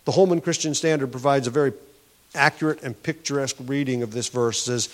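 Speaking fast in a mid-range voice, a male pastor teaches from scripture during a sermon with earnest intent. Frequent restarts and emphatically stressed words mark his delivery.

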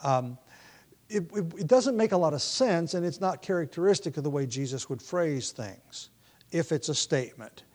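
A man's voice: on the high side, animated, moderate pace, darkish tone. Thoughtful man teaching from scripture. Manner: thoughtful, self-correcting, many restarts and fillers. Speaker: Bible teacher. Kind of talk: expository Bible teaching.

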